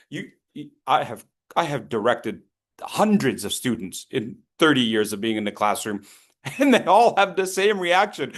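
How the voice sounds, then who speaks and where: A man in his fifties leading a public speaking workshop over a video call. His voice sits somewhat high, and his manner is playful and encouraging. He cheers people on by name as he goes. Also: expressive, normal speed, a bit bright. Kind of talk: lively interactive workshop coaching.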